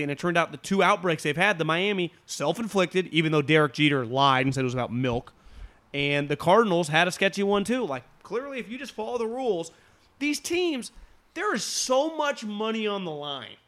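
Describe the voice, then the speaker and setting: A man co-hosting a casual sports talk show, talking fast and emphatically, restarting often and swearing. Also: high-pitched, lively intonation, fairly bright tone.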